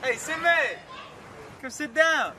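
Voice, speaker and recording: A man's voice: very high-pitched, lively intonation, slow pace, over a noisy crowd. A man acting in a comedy sketch, talking in a rambling, hesitant way. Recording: loud music over the voice.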